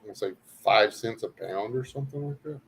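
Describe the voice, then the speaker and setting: A man's voice: mid-range voice, normal speed, vocal fry, slight background noise, rough recording. A middle-aged man from Louisiana with a Southern accent, hosting a casual chat and telling rambling, folksy stories with frequent laughter. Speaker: host.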